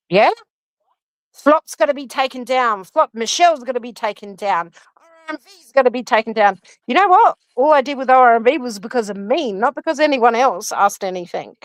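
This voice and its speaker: A woman's voice: sits high, lively intonation, moderate pace, dry recording, poor audio. Indignant woman accusing on a livestream. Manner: indignant, accusing, quoting others mockingly. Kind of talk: heated livestream commentary.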